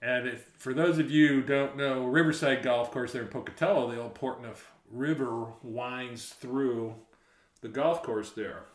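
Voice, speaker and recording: A man telling a story in casual chat, animated, laughing often and acting out the shouted quotes. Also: mid-range voice, unhurried. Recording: roomy echo.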